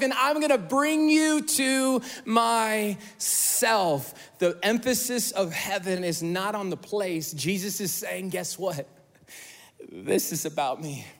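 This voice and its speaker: A man preaching a sermon as pastor, animated, acting out quoted voices with sudden loud bursts and hushed drops. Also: high-pitched, big-room sound.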